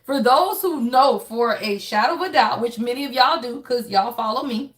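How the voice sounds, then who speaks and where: Woman, tarot reader. Bright, sharp tone, profane and direct. Talks to viewers the whole time. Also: fairly high pitch, normal speed. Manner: blunt and profane, constantly addressing viewers directly; emphatic, with frequent rhetorical tag questions. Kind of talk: casual spiritual reading.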